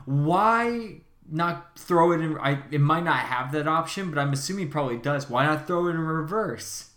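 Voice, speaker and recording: A man's voice: a little high, expressive, normal speed, fairly bright tone. A man co-hosting a podcast, musing aloud and questioning the plot in casual chat. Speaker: podcast co-host. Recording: echoey room.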